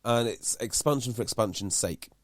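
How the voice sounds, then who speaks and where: A man's voice: medium pitch, normal speed, no echo, studio quality. A man, a podcast host talking casually and explaining a point at length. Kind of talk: casual chat.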